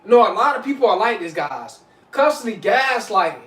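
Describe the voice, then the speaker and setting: Guy with a high voice preaching at his viewers, kinda off-mic, echoey room. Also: big pitch swings, a little fast, a bit bright, far from the mic. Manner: preachy, repeats "you know what I'm saying", addresses viewers as y'all. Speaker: vlogger. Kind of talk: casual motivational talk to camera.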